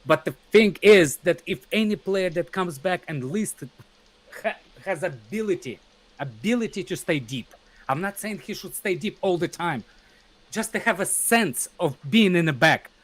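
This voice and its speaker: Male panelist, insistent and repetitive, slightly raised pitch. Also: lively intonation, normal speed, a bit bright. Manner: insistent, repeats himself. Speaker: podcast panelist. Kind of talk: casual podcast debate.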